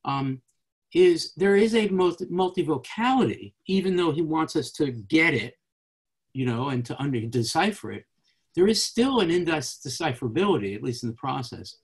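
A man hosting a casual poetry discussion over a video call, reading short translations aloud slowly and talking quickly between them. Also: a little high, expressive, slightly rough. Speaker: host.

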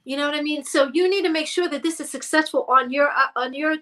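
A woman with a high, bright voice tells stories in a relaxed interview. She is animated and slips into the voices of the people she quotes. Her tone stays sharp and forward. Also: fast talker. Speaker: guest singer. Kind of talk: casual storytelling interview.

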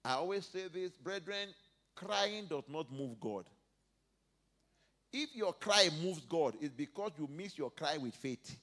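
A male pastor preaching a sermon, dropping to soft asides and rising to loud emphatic peaks as he reads and acts out scripture. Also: fairly high pitch, lively intonation, a little slow. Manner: preaches verse by verse, acting out biblical speakers.

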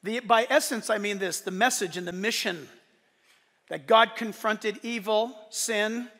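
A man preaching a sermon to his church, animated and swinging from loud declarations to soft, joking asides. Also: high-pitched, a little slow, long reverb tail. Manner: playful, joking asides to the congregation. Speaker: pastor. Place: church service.

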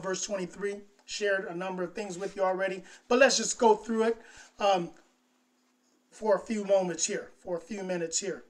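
A man preaching a sermon as pastor, slow and emphatic, building up to louder, higher phrases as he stresses his points. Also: steady tone. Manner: slow, emphatic preaching that rises in pitch and volume on key phrases.

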